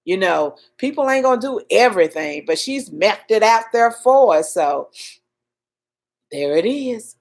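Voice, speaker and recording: A woman's voice: mid-range voice, moderate pace, hardly any pauses. A Southern woman hosting a casual livestream, greeting viewers by name and urging them on in a folksy, preachy way. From Southern United States. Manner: animated, swings between loud urging and soft murmurs. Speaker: livestream host. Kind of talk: casual live-stream chat.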